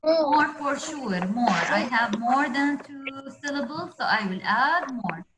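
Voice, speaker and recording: High-voiced woman teaching grammar online. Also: lively intonation, takes it slowly, background noise. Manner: patient, explains rules step by step. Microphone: video call.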